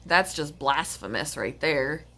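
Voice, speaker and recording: A woman hosting a casual livestream chat, rambling from one thing to the next. She talks slowly, taking her time, and her voice sits a little low but rings bright and forceful. She keeps breaking off mid-word to fix what she's saying. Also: expressive. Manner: rambling, chatty, self-correcting. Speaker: pet channel host.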